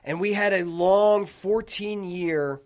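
A man hosting a sports talk radio show, ranting with heat and a lot of cursing. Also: high voice. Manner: profane, fired-up, rapid ranting.

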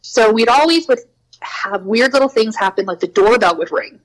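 A woman's voice: fairly high pitch, animated, moderate pace, poor audio. Chatty young woman telling ghost stories. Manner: chatty, lots of "like", acts out quotes with a raised voice. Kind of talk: casual storytelling.

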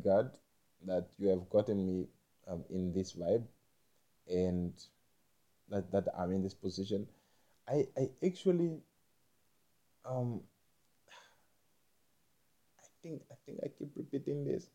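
A young man talking in a rambling monologue, halting and repeating himself, with frequent swearing. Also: mid-range voice, creaky, warm tone.

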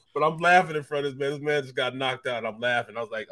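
A former football player co-hosting a sports talk show, a man spinning animated locker-room stories. He laughs through his tales and repeats words for emphasis, in an ordinary middle-range voice. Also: medium pitch, quick pace, few pauses. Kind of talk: casual storytelling chat.

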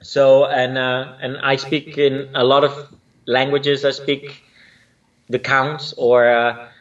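A man's voice: medium pitch, flat delivery, slow pace, a bit bright, distant mic, highs cut off. A man born in Spain who speaks with a mixed Spanish and Dutch accent, a choreographer chatting as a guest, often searching for words with fillers. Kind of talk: casual interview chat.

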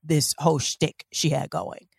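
A woman co-hosting a podcast, telling a history story in a casual, animated way with laughing asides. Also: deep voice, a little slow, gravelly, slightly rough, no echo. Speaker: podcast co-host.

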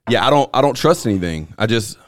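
A man's voice: medium pitch, expressive, fast, dry recording. A man hosting a casual podcast chat, laid-back and rambling, often repeating himself. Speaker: podcast host.

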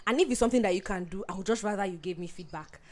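A woman's voice: medium pitch, rapid-fire. A woman co-hosting a podcast who chats casually and defends herself playfully with laughter. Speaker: podcast co-host.

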